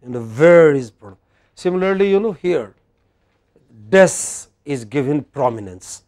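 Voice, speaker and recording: A man with an Indian English accent teaching a classroom lecture, slow and deliberate, often putting questions to the class. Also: fairly high pitch, expressive, darkish tone.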